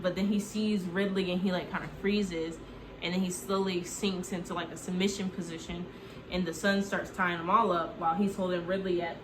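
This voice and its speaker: A movie recap host, a woman with a fairly low voice, retells a film loosely and comically, rambling with heaps of "like" and the occasional swear word. The room is echoey and there's background noise.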